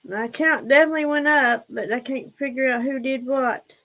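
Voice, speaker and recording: A woman's voice: high-pitched, fairly quick, a bit bright. A woman hosting a casual livestream, rambling and out of breath as she talks to her viewers. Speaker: livestream host.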